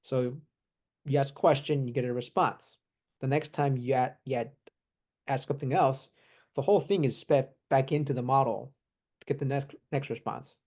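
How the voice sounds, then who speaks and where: A man in casual chat, relaxed, explaining technical points with examples and small laughs. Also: medium pitch, normal speed. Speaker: AI expert guest.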